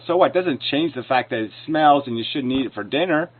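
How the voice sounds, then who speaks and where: A man's voice: medium pitch, brisk, few pauses. A man delivering a heated, profane commentary rant, scornful and combative as he answers recorded clips. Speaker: video commentator responding to clips. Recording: lo-fi phone-like sound.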